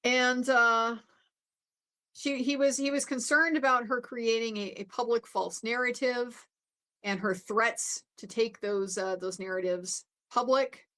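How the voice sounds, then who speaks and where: A woman's voice: on the high side, steady tone, unhurried, a bit bright. A woman recapping a court trial as a commentator, talking in a loose, chatty way with many fillers and restarts. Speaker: legal commentator.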